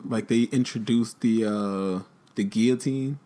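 A man co-hosting a casual podcast, joking and animated. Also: fairly low pitch, measured pace, a little hiss or hum. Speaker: podcast co-host. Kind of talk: casual chat.

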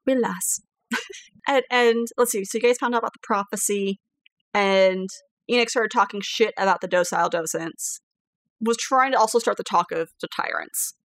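A woman hosting a podcast as game master, chatting casually, animated, swearing freely and laughing often. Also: medium pitch, moderate pace.

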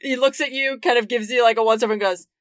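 A woman's voice: a little high, steady tone, fast, no room sound. A woman narrating as game master in a casual, chatty way, full of fillers and laughter. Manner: chatty, giggly, lots of fillers. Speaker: dungeon master.

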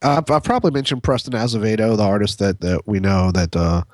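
A man's voice: on the low side, a little fast, dry recording, studio quality. A man co-hosting a podcast, telling a long story in a rambling, profane way, full of fillers and restarts. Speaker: podcast co-host. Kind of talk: casual storytelling chat.

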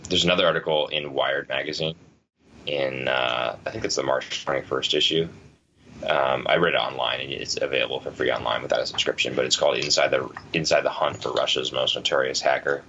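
A man's voice: very deep voice, steady tone, a little fast, bright, forceful tone, highs cut off, slight background noise. A man co-hosting a podcast, talking in a rambling, thoughtful way with many fillers and restarts. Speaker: podcast co-host. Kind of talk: casual chat.

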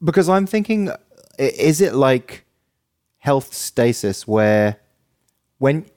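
A man co-hosting a podcast, talking in a thoughtful, halting way with frequent restarts. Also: mid-range voice, big pitch swings, darkish tone. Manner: thoughtful, halting, self-interrupting. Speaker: podcast co-host. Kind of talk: casual chat.

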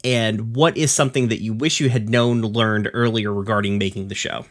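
A man's voice: lowish voice, fairly even intonation, brisk. A man with a Southern US accent hosting a podcast, talking in a loose, rambling way, swearing and laughing easily. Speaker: podcast host. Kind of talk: casual podcast chat.

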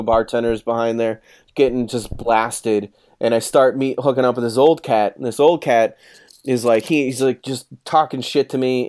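Here a man in his thirties speaks at medium pitch with a clean tone. He's telling a rowdy anecdote in casual chat, swearing liberally and acting out others' words in a lively way.

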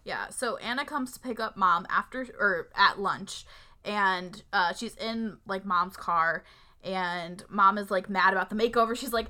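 A woman's voice: medium pitch, measured pace, pushed and bright. A young woman co-hosting a casual movie recap, blunt and sarcastic, swearing freely. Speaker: podcast co-host.

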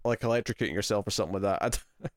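Chatty Scottish man, quick to laugh. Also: fairly low pitch, no room sound, studio quality. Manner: animated, laughs often, many restarts. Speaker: podcast co-host. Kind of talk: casual chat reviewing a TV episode.

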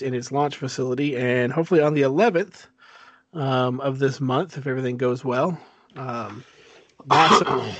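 A man co-hosting a casual podcast, telling stories in a halting way, full of fillers and restarts. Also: mid-range voice, a bit bright, dry recording, dull audio. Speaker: podcast co-host. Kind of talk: casual chat.

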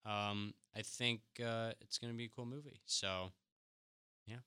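A man's voice: on the low side, fairly even intonation, unhurried, pushed and bright, clear, resonant tone, no echo. A man from France co-hosting a movie podcast, chatting casually and joking around. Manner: joking, laughs a lot. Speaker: podcast co-host. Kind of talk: casual chat.

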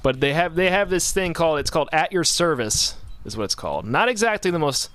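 A man's voice: fairly high pitch, expressive, a little fast, a bit bright. A man hosting a podcast, chatting casually and telling rambling stories with frequent self-corrections. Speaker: podcast host. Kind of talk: casual chat.

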